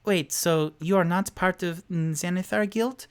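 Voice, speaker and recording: A man's voice: high-pitched, fairly even intonation, unhurried, clean tone, pitched above the performer's own voice. A wary halfling woman who questions everything in a lifted, put-on voice, as a man acts her out. She sounds skeptical and probing during a live tabletop game. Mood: suspicious. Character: suspicious adult halfling woman.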